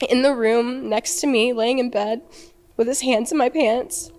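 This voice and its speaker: Young woman recounting an ordeal haltingly. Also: on the high side, steady tone, darkish tone. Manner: halting and emotional, with many fillers and restarts. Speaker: interview guest. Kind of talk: recounting a personal ordeal in an interview.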